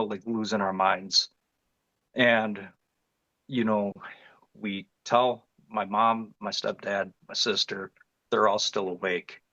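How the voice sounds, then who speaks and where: Low-voiced middle-aged man telling his story. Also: fairly bright tone, no room sound, lo-fi sound. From northeast Ohio. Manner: earnest, vivid retelling with frequent restarts. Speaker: interview guest recounting an encounter. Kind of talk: personal storytelling in an interview.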